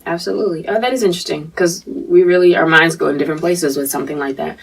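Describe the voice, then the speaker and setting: A woman from North Carolina co-hosts a laid-back podcast with a light Southern accent and an easy, chatty flow. Her voice sits low and a little husky, and she is heard from some distance off the microphone. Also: quick pace. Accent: light Southern American. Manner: relaxed, chatty, many "like" fillers. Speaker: podcast co-host. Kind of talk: casual chat.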